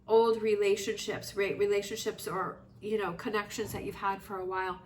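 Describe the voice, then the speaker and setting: A woman's voice: mid-range voice, flat delivery, normal speed. Woman tarot reader, reassuring and reflective, a little off-mic with faint hiss. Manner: reflective, reassuring, rambling with many fillers. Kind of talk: casual tarot reading monologue. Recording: slightly distant mic with faint noise.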